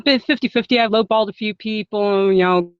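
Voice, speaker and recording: A woman's voice: mid-range voice, a little fast, smooth, no echo. Woman, call participant, casual, easygoing, dry lo-fi call audio. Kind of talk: casual chat.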